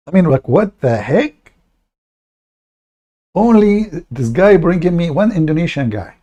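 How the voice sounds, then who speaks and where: A man hosting an online debate livestream, speaking in a mocking, sarcastic way with many halting fillers. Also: fairly high pitch, very animated, warm tone. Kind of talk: livestream commentary.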